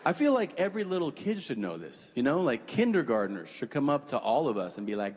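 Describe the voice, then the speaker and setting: A man in his forties doing a stand-up comedy set, telling stories with profanity and quick voices for the people in them. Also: mid-range voice, breathy edge, long reverb tail. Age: 40s. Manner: animated, profane storytelling with quick put-on voices.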